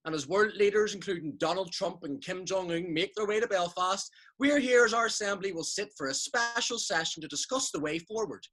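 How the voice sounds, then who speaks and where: A man's voice: high-pitched, bright, forceful tone, exaggerated voice. A man playing a showy Northern Irish radio presenter who hypes everything up, with a Northern Irish accent. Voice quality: showy, hyped-up. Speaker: comic performer.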